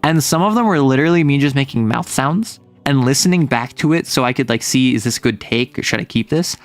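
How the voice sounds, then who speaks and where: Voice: medium pitch, lively intonation, brisk, soft background music. A young adult streamer chatting casually with chat, playful and teasing, reading messages aloud. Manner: playful, teasing, lots of laughs and mock threats.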